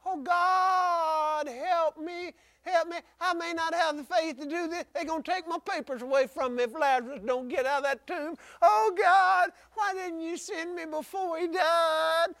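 A man's voice: very high voice, fairly even intonation, unhurried, gravelly, hardly any pauses, fairly bright tone, no echo, clean studio sound, pitched above the performer's own voice, full character voice. A male preacher mocking a frightened man who begs God for help and doubts his own faith. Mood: panicky pleading. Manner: pleading, whimpering. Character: panicked doubting man praying in fear.

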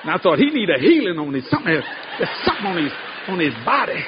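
A man's voice: sits high, big pitch swings, fast. A man telling comic church stories to a live crowd, laughing through his words in dialect. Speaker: preacher telling a story. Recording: live, dull sound, loud crowd and noise.

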